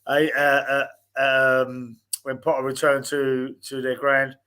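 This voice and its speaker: A man's voice: medium pitch, completely flat delivery, slow pace, bright, forceful tone, smooth. A man with a Cockney accent hosting a casual football podcast over a video call, chatty and full of fillers. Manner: chatty, hesitant, drops in fillers. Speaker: podcast host.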